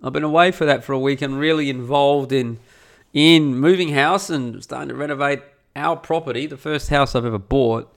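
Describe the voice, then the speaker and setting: A man talks his way through a casual solo podcast episode recorded at home. He rambles, swears freely and pokes fun at himself, at an ordinary mid-range pitch. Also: normal speed, creaky. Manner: rambling, profane and self-mocking. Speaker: podcast host and blogger. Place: at home during renovation.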